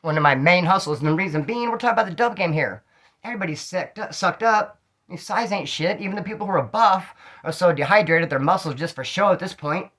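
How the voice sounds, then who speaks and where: A man telling stories from his own street life in casual slang, animated and acting out the dialogue. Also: a little high. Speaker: storyteller recounting street life. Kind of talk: casual storytelling monologue.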